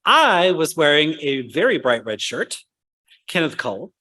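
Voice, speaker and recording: A young man tells a funny personal story to a ceremony audience. His voice sits high for a man. He jumps into little acted-out voices along the way. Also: a little slow. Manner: animated, acts out voices in his anecdotes. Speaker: speaker at a medical school ceremony. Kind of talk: humorous storytelling speech.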